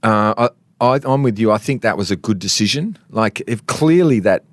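A man's voice: fairly low pitch, expressive, normal speed, dry recording. A middle-aged Australian man co-hosting a sports podcast, talking in a jokey, teasing, rambling way in casual banter.

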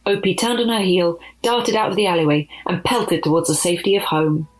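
A woman narrating a children's storybook with a lively, expressive reading. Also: fairly low pitch, fairly quick, low-quality recording.

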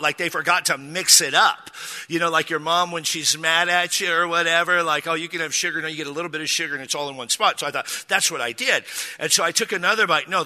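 A middle-aged man from Texas preaches with a very bright, forceful tone and a slightly raised voice. He tells stories in an animated, self-deprecating way with jokey asides. His voice rings in the long reverb of a church hall. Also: on the high side. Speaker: pastor. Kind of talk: sermon with humorous storytelling.

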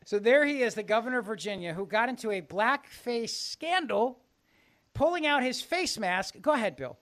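Male radio host, high bright voice, sarcastic, joking. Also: expressive, normal speed, no echo. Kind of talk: comedic radio talk.

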